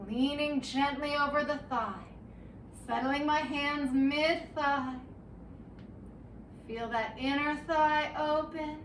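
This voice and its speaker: A woman leading a low-impact workout, giving gentle, encouraging cues and getting winded from the exercise. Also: reverberant, recorded from a distance, slight background noise, poor audio. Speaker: fitness instructor. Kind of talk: guided workout instruction.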